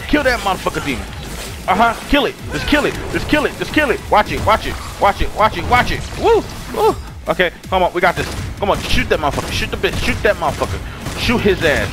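A man streaming a game he is playing for the first time, giving profane, hyped commentary and repeating his words. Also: high voice. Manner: trash-talking, hyped, repeats phrases. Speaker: gaming streamer. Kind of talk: profane let's-play commentary. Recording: game music underneath.

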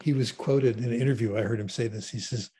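An older man on a video call, an enthusiastic, animated storyteller in a conversational interview. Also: medium pitch, fast. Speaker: interview guest.

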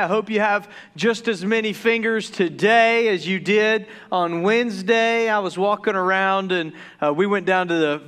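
A man from the Deep South preaching a casual, joking sermon as pastor, who stumbles over his words when excited. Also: smooth. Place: church sanctuary.

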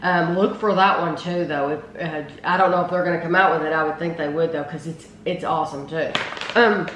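A woman's voice: sits low, fairly even intonation, a little fast. Gushing woman food reviewer, roomy sound. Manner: effusive, full of praise. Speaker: food reviewer, channel host. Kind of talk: casual taste-test chat. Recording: roomy with faint noise.

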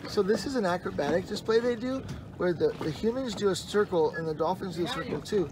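A woman vlogging while filming a family outing on a tour boat, excitable and playful, dropping Spanish words into her talk. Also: mid-range voice, brisk, heavy background noise. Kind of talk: casual vlog chat while filming. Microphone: handheld camera. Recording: loud music and crowd on a tour boat.

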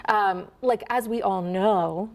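Gravelly-voiced woman with a Minnesota accent. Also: medium pitch, slow. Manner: animated, demonstrates vowel sounds. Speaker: accent and dialect coach. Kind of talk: casual interview.

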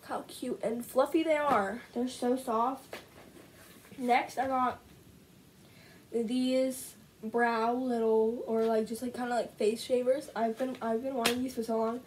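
A teenage girl filming a casual haul video at home, gushing over each item with lots of "like" and "so good", her voice a little rough. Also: on the high side, steady tone, unhurried, slight background noise, low-quality recording. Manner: gushing, bubbly, heavy use of "like". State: slightly rough voice. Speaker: vlogger. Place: at home, indoors. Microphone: camera set up in front of her.

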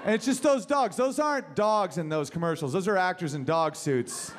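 A man doing a stand-up set in a comedy club, talking in an animated way, acting out voices and swearing casually. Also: sits high, normal speed, hardly any pauses, background noise. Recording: live club set with loud crowd laughter.

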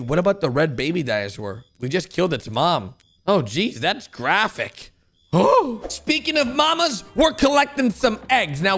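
A man excitedly commenting on cartoon clips for viewers, exclaiming, gasping and laughing as he goes. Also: sits high. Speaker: host reacting to animations.

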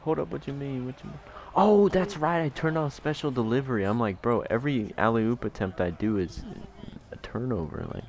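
A man's voice: medium pitch, fairly quick, darkish tone. A young man chatting on a gaming stream, swearing a lot and getting flustered. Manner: swearing, rowdy, easily flustered. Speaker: stream guest. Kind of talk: casual gaming chat.

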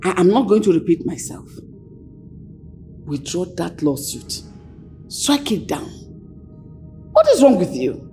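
A woman's voice: fairly low pitch, big pitch swings, a little slow, long pauses, dark tone, faint music behind. An actress with a Nigerian accent playing an older mother who gives her children orders and grows exasperated, in a Nollywood film drama. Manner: commanding, exasperated. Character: older mother trying to keep the family peace.

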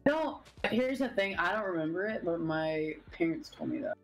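A woman's voice: on the low side, animated, normal speed, faint music behind, rough recording. A woman with a Southern US accent, chatting and laughing a lot while co-hosting a gaming stream. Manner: giggly, chatty, many fillers. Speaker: stream co-host. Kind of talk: casual gaming chat.

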